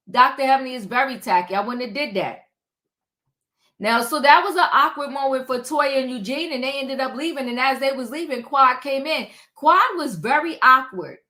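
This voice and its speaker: A woman giving casual commentary on a reality show, acting out quotes with lively, rising voices. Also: normal speed. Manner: animated, acts out quotes with rising pitch. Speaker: reality show recap host.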